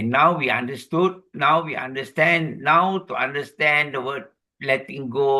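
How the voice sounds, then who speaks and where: Bright-voiced Malaysian man teaching Dharma. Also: mid-range voice. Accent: Malaysian English. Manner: explanatory, checking in with "okay?" and "huh?"; slow measured chanting of Pali verses. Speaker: Dhamma speaker. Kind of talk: Buddhist teaching talk with Pali recitation.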